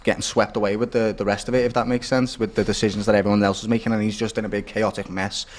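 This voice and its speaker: A man talking football in a casual, animated way, calling people "lad". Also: lowish voice, quick pace. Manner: animated, chatty, says "lad" a lot. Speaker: Liverpool fan pundit.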